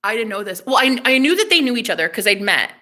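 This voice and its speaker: A vlogger tells a story to camera in a casual, chatty, dramatic style, swearing often and letting her voice drop to a hush before rising loud. Her voice is fairly high, very animated, and fast.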